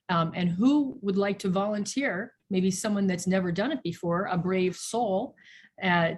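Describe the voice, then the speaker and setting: A woman's voice: on the low side, a little hiss or hum. A woman pastor speaking at an online church service over a video call, encouraging and repeating her phrases.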